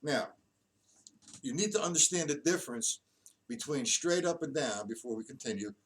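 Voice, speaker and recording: A man teaching a casual drum lesson. He explains stick patterns, counts the beats out loud, and keeps correcting himself. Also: mid-range voice, animated, normal speed. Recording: distant mic with loud drum noise.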